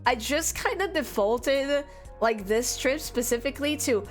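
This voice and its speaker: A young French woman streams live, chatting casually in a high-pitched, animated voice that runs a little slow. She's giggly and laughs often, with soft music in the background.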